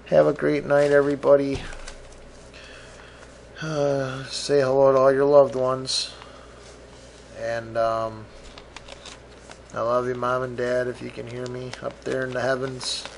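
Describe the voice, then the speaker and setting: A man's voice: medium pitch, flat delivery, measured pace, gravelly, long pauses, slight background noise. A middle-aged man hosting a casual solo podcast, rambling, swearing freely and mocking himself. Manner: rambling, profane, self-mocking. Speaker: podcast host.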